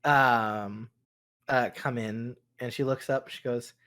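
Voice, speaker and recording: Halting man narrating as game master. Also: mid-range voice, fairly even intonation, bright, forceful tone. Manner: halting, full of ums, with quick bursts. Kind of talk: narrating a tabletop role-playing game.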